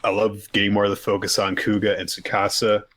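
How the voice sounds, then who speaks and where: A man's voice: on the low side, level tone, a little fast, fairly bright tone. A man co-hosting a casual manga recap chat, joking and laughing as he acts out scenes. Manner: laughing, jokey, acts out quotes. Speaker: podcast co-host.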